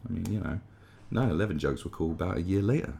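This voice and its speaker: Gravelly, low-voiced man, sarcastic. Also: expressive, fast talker, dark tone, a little hiss or hum. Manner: sarcastic, rambling, with frequent restarts. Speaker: commentary host. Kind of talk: comedic monologue.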